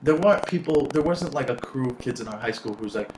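A man's voice: medium pitch, expressive, fast talker. Rambling man in his thirties, echoey noisy audio. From South Florida. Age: 30s. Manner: rambling, filler-heavy, self-interrupting. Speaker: podcast guest, stand-up comic. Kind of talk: casual conversation.

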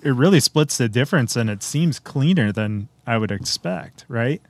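A man's voice: medium pitch, expressive, normal speed, no room sound. A man casually chatting through a beer tasting, describing it in detail and laughing often. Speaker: beer reviewer.

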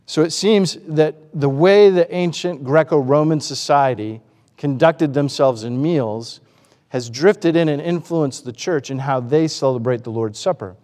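A man's voice: a little high, unhurried, a little mellow, long reverb tail. A man preaching a sermon, asking the congregation rhetorical questions and acting out the voices he quotes. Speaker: pastor.

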